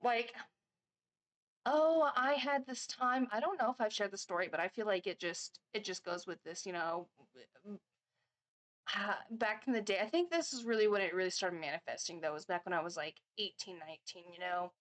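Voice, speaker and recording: A woman's voice: medium pitch, lively intonation, normal speed. Chatty woman rambling through a story. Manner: rambling storyteller, chatty with frequent fillers and restarts. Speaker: reaction vlogger. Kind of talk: casual chat.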